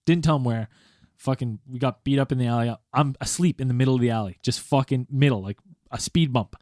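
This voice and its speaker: A man's voice: medium pitch, fast talker, darkish tone, no echo, studio quality. A man in his thirties, a podcast host telling a story in casual chat, acting out the quoted voices and laughing often.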